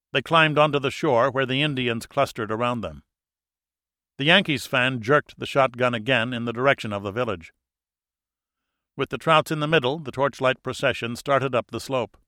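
Guy narrating a novel, measured and even, middle pitch, dry close mic. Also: no echo. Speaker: audiobook narrator. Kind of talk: scripted narration.

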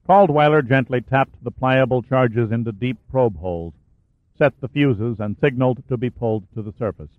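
A man narrates an audiobook in a steady, even voice at a middle pitch. The sound is narrow like a phone line and bone dry, with no room in it. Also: moderate pace, no echo. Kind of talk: scripted narration of a war thriller.

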